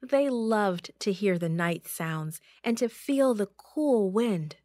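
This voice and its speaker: A woman's voice: medium pitch, animated, slow pace, darkish tone, dry recording, studio quality. A woman reading a Bible story aloud over a video call, lifting her voice for dramatic moments.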